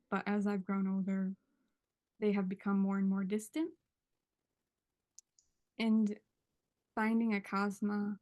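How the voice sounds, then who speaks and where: A woman's voice: medium pitch, dark tone. Emotional woman sharing heartfelt testimony. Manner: earnest, searching for words, slow pauses. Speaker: guest. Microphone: video call.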